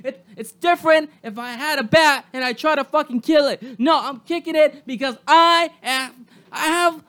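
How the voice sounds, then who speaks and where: A podcast host in a solo episode, ranting angrily and swearing constantly, sometimes breaking into shouts. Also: sits high. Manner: angry, profane ranting with shouted bursts.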